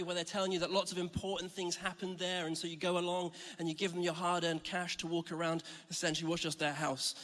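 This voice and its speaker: A man's voice: sits high, sharp tone. A man from Scotland giving a chatty, self-mocking sermon as a church preacher. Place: large church hall. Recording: reverberant church hall.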